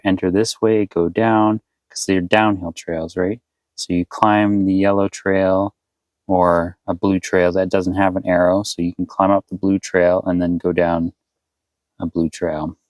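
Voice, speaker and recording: A man's voice: deep voice, dry recording, low-quality recording. A man chatting casually to his viewers in a vlog, rambling and thinking aloud as he plans his route. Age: adult, past eighteen. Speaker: vanlife vlogger. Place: inside his camper van.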